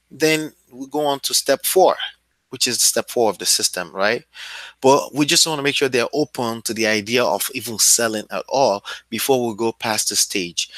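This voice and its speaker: A man's voice: mid-range voice, a bit bright, dry recording. Casual-talking man coaching, dry sound. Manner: loose and conversational, often checks in with "right?" and "okay?". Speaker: real estate wholesaling coach. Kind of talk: casual instructional talk.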